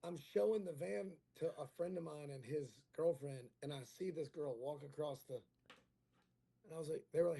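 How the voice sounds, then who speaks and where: A man's voice: a little high, a little fast, creaky, dark tone. A male comedian telling a rambling, crude, self-mocking story in casual chat, acting out the dialogue. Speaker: comedian guest.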